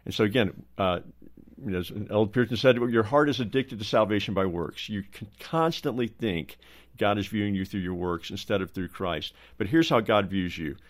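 A pastor with a fairly low voice talks on a roundtable. He teaches steadily and pastorally, using everyday stories to drive the point home. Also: moderate pace. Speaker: pastor and co-host.

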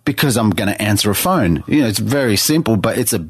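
A man's voice: fairly low pitch, animated, quick pace, husky, no echo, studio quality. A man telling his life story as a guest on a podcast interview, earnest and full of restarts. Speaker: guest artist. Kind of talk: personal testimony in a podcast interview.

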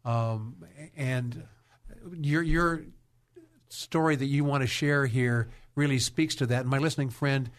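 A man's voice: mid-range voice, steady tone, measured pace. A man hosting a Christian radio talk show, speaking in a folksy way and often repeating his words. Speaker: radio host.

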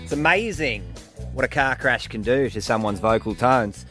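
A man runs a radio comedy game in brisk, playful patter. His voice sits mid-range. Faint music plays under him in the studio. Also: mid-range voice, fairly bright tone. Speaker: radio host.

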